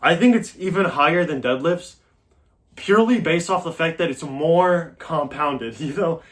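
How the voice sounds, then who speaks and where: A man's voice: fairly high pitch, lively intonation, normal speed. A man giving a casual workout demonstration as a fitness vlogger, coaching in a loose, talky way.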